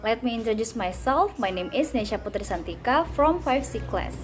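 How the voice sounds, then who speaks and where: A woman's voice: fairly high pitch, animated, brisk, over music. A young woman student presenting a class project, reading a prepared explanation in a careful, textbook-style way. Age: young adult.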